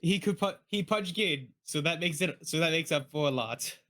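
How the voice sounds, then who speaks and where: A man's voice: a little high, moderate pace, a bit bright. A man, a tabletop game player, chatting casually before an online session, often restarting and hunting for words, over a computer mic. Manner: hesitant, restarts and searches for words. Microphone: computer mic on a voice call.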